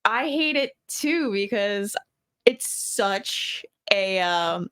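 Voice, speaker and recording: A woman's voice: mid-range voice, animated, extremely slow, a bit bright, smooth. A woman from Dundalk with a Baltimore accent, co-hosting a casual podcast and rambling with many fillers. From Dundalk, Maryland, US. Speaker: podcast co-host. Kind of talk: casual chat.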